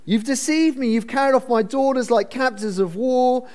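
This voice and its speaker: A man's voice: extremely high pitch, a little fast, pitched above the performer's own voice. A preacher voicing an oily, greedy older father who wheedles and then threatens.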